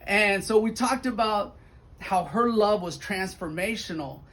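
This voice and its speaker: A man, a school principal, telling stories in an animated update video for donors and acting out the quotes. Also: sits high, unhurried. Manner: warm, animated storyteller who acts out quotes.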